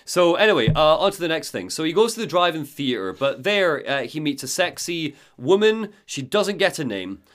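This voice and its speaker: A man's voice: a little high, very animated, normal speed, few pauses, a bit bright. A man hosting a podcast, recapping a game in a joking, casual way. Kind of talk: casual chat.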